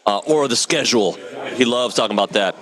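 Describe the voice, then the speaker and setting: A man's voice: medium pitch, quick pace. A man hosting a sports talk show, chatting casually and animatedly with co-hosts, often laughing. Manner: animated, laughing, exaggerated complaints. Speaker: sports radio host.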